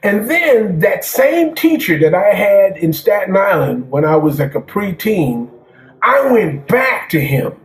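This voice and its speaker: High-voiced, rambling jazz drummer man. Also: very animated, measured pace. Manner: rambling, repeats words, says "man" often. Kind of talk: casual interview storytelling. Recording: echoey room.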